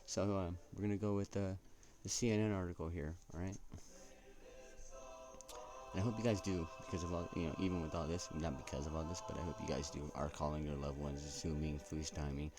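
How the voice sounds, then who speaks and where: Deep-voiced man chatting casually. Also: steady tone, a little fast, music in the background. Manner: chatty, keeps asking "right?". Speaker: vlogger. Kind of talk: casual commentary to viewers.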